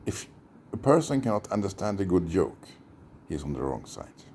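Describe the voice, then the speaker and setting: A man's voice: low-pitched, very animated, normal speed, a little mellow, a little hiss or hum. A man with a Swedish accent, a former therapist, delivering a rambling, intense monologue that sometimes drops into a whisper. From Sweden. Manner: intense, conspiratorial, lapsing into whispers.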